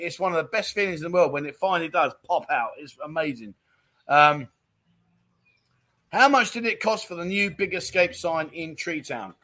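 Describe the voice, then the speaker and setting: A man's voice: fairly high pitch, a bit bright. Chatty man hosting a livestream. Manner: chatty and jokey, with frequent "mate" and "um". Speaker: livestream chat show host. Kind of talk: casual chat reading viewer comments.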